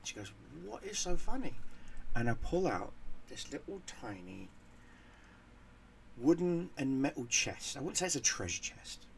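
A man's voice: medium pitch, very animated, measured pace, long pauses, a little hiss or hum. A man hosting a gaming channel, telling a casual story in a profane, rambling way and repeating words as he goes.

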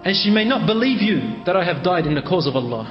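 Guy preacher telling a story, voice a bit high, echoey hall, muffled lo-fi sound. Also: very animated, fast. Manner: retells a story in quoted speech, mixing in Arabic phrases. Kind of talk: dramatic religious storytelling. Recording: echoey hall, dull lo-fi sound, faint music.

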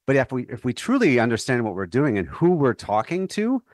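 A man's voice: mid-range voice, very animated, a little fast, darkish tone, no echo, studio quality. A man speaking as an author guest in a faith radio interview, earnest and thoughtful, sometimes restarting his phrases.

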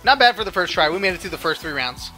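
Brief: animated gaming host, high bright voice, soft music underneath. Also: male voice, quick pace. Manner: animated, yelps and laughs at mishaps. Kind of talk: excited gameplay commentary.

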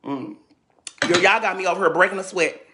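A man's voice: high voice, brisk, noisy background. A man from St. Louis ranting dramatically on a livestream, sassy and repetitive, often stumbling over his words. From St. Louis, USA. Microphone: phone.

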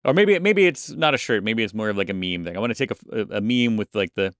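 A man's voice: fairly low pitch, expressive, quick pace, fairly bright tone, clean tone, dry recording, studio quality. A man co-hosting a podcast, chatting casually and rambling with many restarts. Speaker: podcast co-host. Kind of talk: casual chat.

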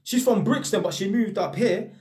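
A young man with a London accent talks to camera in a loose, slangy monologue. His voice sits a bit high for a man, and he tells his stories with real energy. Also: moderate pace. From North London. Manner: slangy street talk, animated storytelling. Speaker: vlogger.

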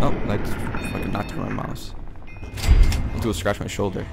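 A man's voice: lowish voice, fast, vocal fry. A man giving rambling let's play commentary, swearing and breaking into jumpy outbursts, with game music behind him. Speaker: gameplay commentator.

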